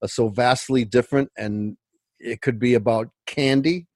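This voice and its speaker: Male historian guest with a mid-pitched voice, a lively storyteller who acts out the quotes. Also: moderate pace, dry recording. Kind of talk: casual radio chat.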